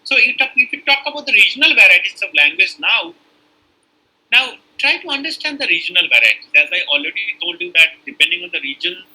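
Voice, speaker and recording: A middle-aged man delivers a lecture with a very bright, fairly high voice. He explains step by step, pausing on "uh" and restarting phrases as he goes. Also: sing-song, poor audio. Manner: explanatory, many fillers and restarts. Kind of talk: online lecture.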